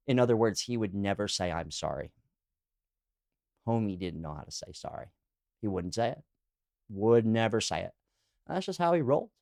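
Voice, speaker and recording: A man hosting a podcast alone, talking in a rambling, candid way with plenty of "you know" and "like" fillers. His voice sits on the lower side. The sound is close and dry, with no room echo. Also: gravelly. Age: adult, calls himself too old. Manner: laughs while telling anecdotes. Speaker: podcast host. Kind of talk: casual solo monologue, reacting to read-out comments.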